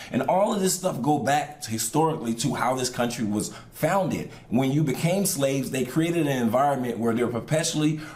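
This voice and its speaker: A male podcast host reacting to a clip, arguing his point in a firm, lecturing way. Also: medium pitch. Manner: argumentative, lecturing, emphatic. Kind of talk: reaction commentary.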